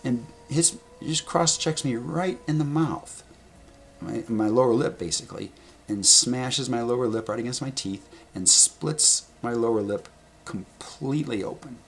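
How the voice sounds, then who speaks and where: A man telling stories to his camera at a table indoors, animated and rambling, with blunt sound words and casual swearing. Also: medium pitch, measured pace, vocal fry. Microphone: camera in front of him.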